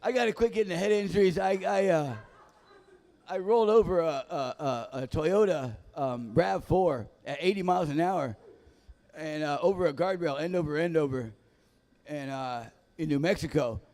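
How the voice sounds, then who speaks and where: A man's voice: a little high, normal speed, a little mellow. A man doing a live stand-up set in a bar, telling profane stories casually and losing his train of thought. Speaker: stand-up comedian. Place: dive bar comedy room.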